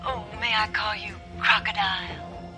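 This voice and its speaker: A coy, breathy widow, played by an actress, purring her lines. Her voice sits at a middle pitch. Music plays behind her. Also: steady tone, measured pace, lightly acted. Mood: seductive. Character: sultry widow, seductive woman on the phone.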